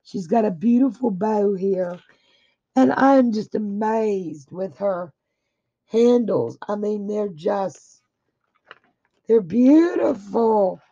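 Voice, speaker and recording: Woman, gravelly, husky, slightly dry throat, gushing unboxing chat, dull lo-fi audio. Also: medium pitch, expressive, slow pace, dark tone. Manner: gushing, effusive praise. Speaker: craft vlogger opening happy mail.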